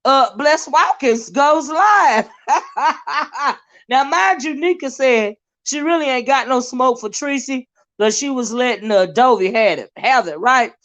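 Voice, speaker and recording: A woman's voice: high voice, unhurried. Chatty woman hosting a gossip livestream. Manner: chatty, animated, drawling asides. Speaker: YouTube commentary host. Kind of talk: casual livestream gossip commentary. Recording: dull lo-fi livestream audio.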